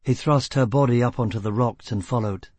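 Husky male audiobook narrator. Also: medium pitch, a little fast, no echo. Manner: steady, dramatic storytelling. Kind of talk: scripted narration.

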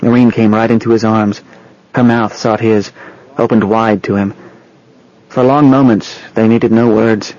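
A man's voice: on the low side, fairly even intonation, a little slow, a little mellow, muffled recording. Man narrating a novel. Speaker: audiobook narrator. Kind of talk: scripted narration.

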